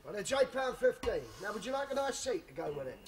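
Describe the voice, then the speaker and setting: An actor playing a wily, offhand shopkeeper in a 1970s studio sitcom. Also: male voice, extremely high pitch, big pitch swings, fast talker. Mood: salesy. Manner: salesy, offhand. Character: wily London bathroom-shop trader. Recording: old TV soundtrack with audience laughter.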